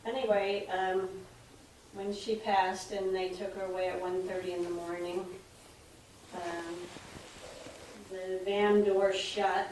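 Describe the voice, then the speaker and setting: A woman at a seminar shares a personal story in a soft, hesitant, reflective way. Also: medium pitch, level tone, takes it slowly, very echoey, far from the mic, a little hiss or hum, rough recording. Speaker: seminar participant. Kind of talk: personal sharing.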